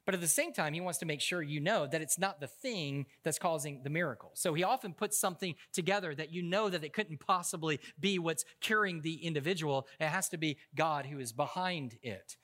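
A male pastor delivers a sermon with a high-pitched voice and a bright, forceful tone. His talk is conversational and full of jokes, and he often stumbles and restarts mid-sentence as he tells stories. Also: fairly quick, hardly any pauses. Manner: humorous, conversational storytelling with frequent restarts.

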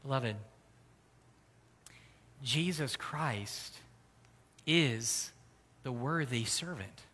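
A man preaching a sermon as pastor, earnest, swelling louder and higher for emphasis. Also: animated, extremely slow, breathy edge. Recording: long hall reverb.

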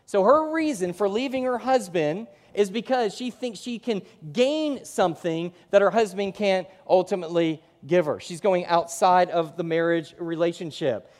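A high-voiced pastor preaches a sermon in a reverberant hall. His delivery is animated, and he acts out the voices he quotes.

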